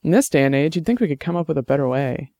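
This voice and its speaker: A man voicing an earnest, soft-spoken young woman in an audiobook, his voice lifted for her. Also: fairly high pitch, expressive, racing, no room sound, clean studio sound. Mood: sad.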